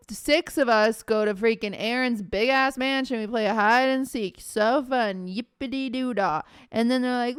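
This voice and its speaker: Young woman, casual storytelling, animated, swears freely, smooth clear voice, dry sound. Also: fairly high pitch, no echo. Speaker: streamer.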